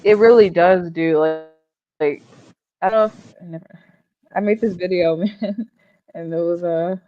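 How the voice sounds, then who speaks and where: A woman's voice: fairly low pitch, measured pace. Slangy, swearing woman on a lo-fi mic. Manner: slangy, swearing, often trailing off quietly. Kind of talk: casual livestream chat.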